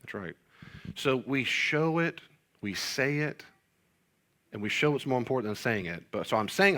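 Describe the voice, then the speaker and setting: A man's voice: mid-range voice, big pitch swings, normal speed, long pauses, sharp tone. A middle-aged male pastor chatting casually about parenting, rambling through stories and jokes at his own expense. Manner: rambling storyteller, jokes self-deprecatingly. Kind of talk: casual podcast chat on parenting.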